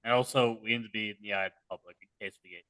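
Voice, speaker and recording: Bright-voiced man playing a tabletop game. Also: on the low side, fairly even intonation, racing, smooth, dry recording, poor audio. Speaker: player.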